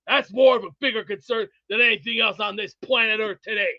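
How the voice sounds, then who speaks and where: A man trash-talking in brash banter, blustering and insulting, with sudden bursts into shouting. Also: sits high, fairly even intonation, a little fast, highs cut off, very noisy. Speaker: show regular.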